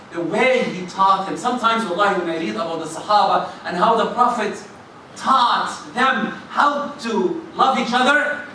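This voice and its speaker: High-voiced preacher in an echoey hall. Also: male voice, far from the mic, slight background noise. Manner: emphatic, rising to near shouts on key phrases. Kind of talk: mosque sermon. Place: large mosque hall.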